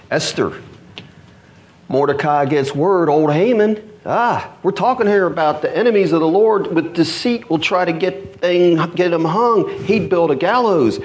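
Animated preacher man, lively pitch. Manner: animated storytelling preaching, swinging from loud to hushed. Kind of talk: sermon. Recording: church service recording.

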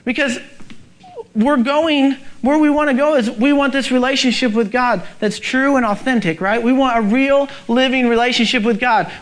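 A man's voice: extremely high pitch, a bit bright. A male pastor preaching a sermon, urgent and emphatic, asking the congregation rhetorical questions.

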